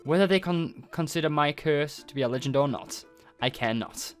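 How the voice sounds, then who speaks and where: A man reading game dialogue aloud as an ancient, solemn nine-tailed fox spirit, slow and formal with archaic phrasing. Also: on the high side, soft background music, close to an everyday voice.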